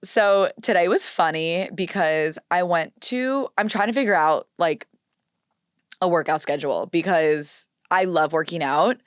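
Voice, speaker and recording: A woman's voice: on the low side, a little slow, smooth, dry recording, clean studio sound. A woman in her twenties hosting a solo podcast in casual, chatty talk, dramatic and self-mocking. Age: 20s. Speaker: podcast host.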